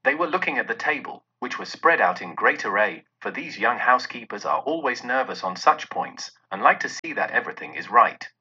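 Husky, animated male storyteller. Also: mid-range voice, fairly quick, hardly any pauses. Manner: expressive, animated. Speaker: narrator. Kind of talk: storybook reading aloud. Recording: dull lo-fi recording.

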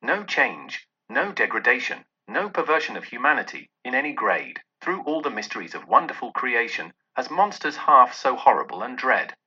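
A man's voice: medium pitch, moderate pace, hardly any pauses, slightly rough. A man giving a dramatic, theatrical storybook narration on a dull lo-fi recording. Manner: theatrical, expressive.

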